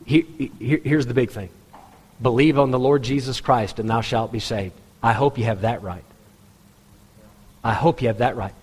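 A male pastor delivers a sermon in a plain, conversational voice, turning pointed and pushing up into a higher register whenever he imitates people in the pews. His voice sits in an ordinary middle range for a man. The sound carries the long reverb of a church hall. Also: moderate pace, darkish tone, husky. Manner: conversational preaching, mimics congregants in a higher voice.

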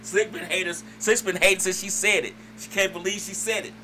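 A man's voice: high voice, fairly even intonation, brisk, bright, forceful tone, a little hiss or hum, low-quality recording. A man co-hosting a casual radio chat, laid-back and teasing, still getting over a cold. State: lingering cold. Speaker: radio co-host.

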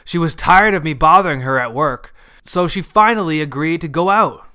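A man voicing a gruff, hard-drinking old grandfather who hollers defiantly. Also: on the high side, moderate pace, pushed and bright. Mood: reminiscing. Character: gruff old male grandfather, drunk junk dealer.

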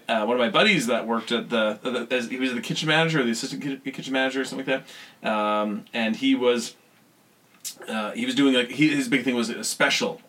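A young man with a bright, forward voice rattles through a casual story, stacking up detail after detail. He breaks into loud quoted voices and laughter as the story builds. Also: mid-range voice. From western Canada. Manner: animated storyteller, laughing, shouting voices of people in his stories.

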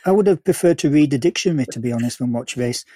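A man's voice: mid-range voice, animated, quick pace, mellow, no echo, studio quality. A man giving a casual, blunt film review, stumbling and repeating words as he goes.

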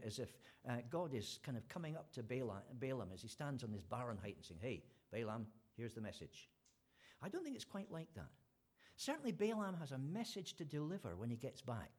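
Husky preacher, lively telling. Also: male voice, fairly high pitch. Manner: chatty storytelling, many fillers and restarts, acts out quotes. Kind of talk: informal sermon.

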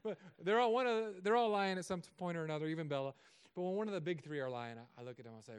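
Smooth-voiced storytelling male pastor. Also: a little high, very fast. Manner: animated storytelling with self-mocking humor; drops to soft, quiet tones. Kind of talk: sermon.

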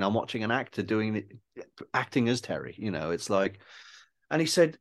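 Low-voiced man, rambling and self-deprecating. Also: sing-song, moderate pace. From Wales. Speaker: guest, film director. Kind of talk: casual podcast interview.

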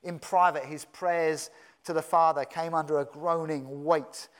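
Earnest preacher man, slightly high voice. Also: fairly even intonation, a little slow. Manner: earnest, conversational preaching with asides. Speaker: pastor. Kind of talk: sermon.

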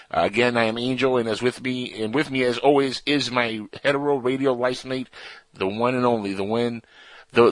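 A man's voice: mid-range voice, fairly bright tone, no echo, rough recording. A man hosting a radio show, chatting in a playful, goofy and rambling way. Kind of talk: casual radio banter.

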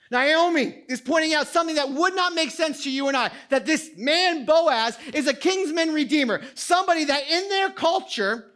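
A man, a pastor who is a parent, preaching a sermon in an animated way, swinging between loud emphasis and quiet asides and laughing often. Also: extremely high pitch. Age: adult parent.

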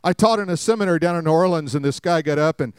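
A man's voice: on the high side, rapid-fire, a little mellow, clean tone, no room sound, clean studio sound. A man preaching a sermon, telling funny personal stories and asking the congregation rhetorical questions. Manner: humorous storytelling, many rhetorical questions to the congregation. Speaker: pastor.

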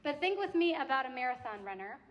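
High-voiced woman preaching in an echoey hall. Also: quick pace, muffled recording. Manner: animated, conversational preaching with acted-out quotes. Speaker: campus ministry speaker. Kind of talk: sermon. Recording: echoey hall with long reverb.

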